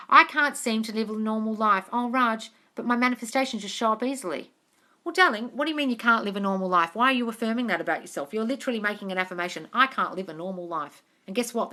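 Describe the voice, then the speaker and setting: An Australian woman with a bright, forceful voice runs a casual live Q&A from home. She reads viewer comments aloud and answers them frankly, swearing without much hesitation and calling everyone darling. Her delivery sounds like she is talking into a phone on a live stream. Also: on the high side. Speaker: manifestation coach.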